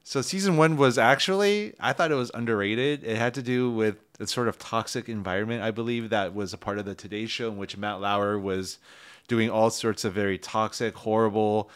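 A man co-hosting a casual film review podcast, chatty and animated, often repeating words as he talks. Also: lowish voice, normal speed, clean tone. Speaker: podcast co-host.

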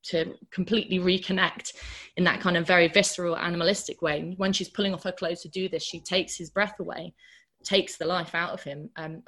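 A woman's voice: fairly low pitch, fairly bright tone. A woman giving an informal literature lecture, talking through a novel with fillers and reading quoted passages aloud with rising force.

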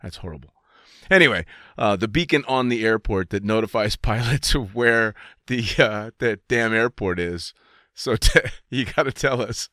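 Low-voiced man hosting, dry sound. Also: lively intonation, normal speed, bright, forceful tone, no echo. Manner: laughs often, swears, loose and joking. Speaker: podcast host. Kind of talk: casual podcast chat.

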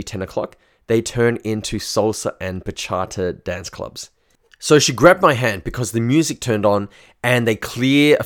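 Candid man telling a story. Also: on the low side. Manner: candid, frank, swears freely. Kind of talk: casual first-person storytelling.

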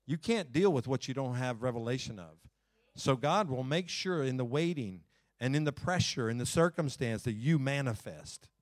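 A male pastor giving a lively sermon, talking straight to the congregation, with jokes and sudden loud, fiery stretches. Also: medium pitch, normal speed, dry recording, studio quality. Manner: folksy, talks to the congregation directly.

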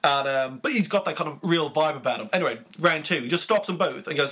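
A man co-hosting a laid-back podcast, his voice bright and edged with huskiness. He talks in a relaxed ramble full of fillers, and sits a little higher than most men. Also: quick pace, slightly rough. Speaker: podcast co-host. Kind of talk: casual chat.

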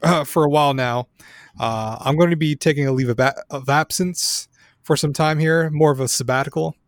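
A male podcast co-host talking in halting, casual speech with many fillers and restarts. The recording is dry, with no room sound. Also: a little high, dry recording. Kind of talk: casual chat.

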